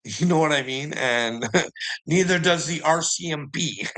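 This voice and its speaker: A man's voice: fairly high pitch, measured pace, a bit bright. A Canadian man in a rambling casual monologue, swearing a lot and laughing often between sentences.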